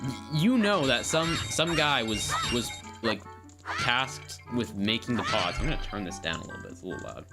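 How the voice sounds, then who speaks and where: Over game music, a live-streaming woman offers casual gameplay commentary, playfully rambling, repeating words, and narrating what she does. Her voice has an extremely low pitch and is very animated, delivered at a moderate pace.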